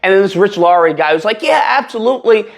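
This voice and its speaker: A man hosting a casual reaction commentary, talking in an animated, mocking way and breaking into laughter. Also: high voice, fast talker. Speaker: commentary channel host.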